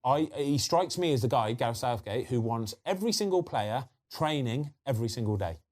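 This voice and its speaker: A man with a slight lisp hosting a football podcast, chatting in a lively way full of quick asides. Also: mid-range voice. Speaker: podcast host. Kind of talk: casual football chat.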